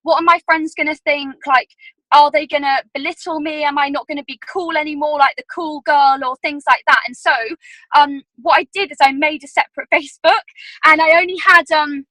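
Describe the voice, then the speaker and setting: Young woman rambling on a training call, high voice, lots of "like", dry close sound. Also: fairly even intonation, a little fast, bright, forceful tone, no room sound, rough recording. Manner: chatty, filler-heavy storytelling with many "like"s. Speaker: team leader giving sales training.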